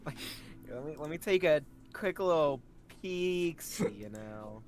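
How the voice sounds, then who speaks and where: A young man co-hosting a livestream, animated and teasing, swearing freely. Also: on the high side, unhurried. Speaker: co-host. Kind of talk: casual livestream banter.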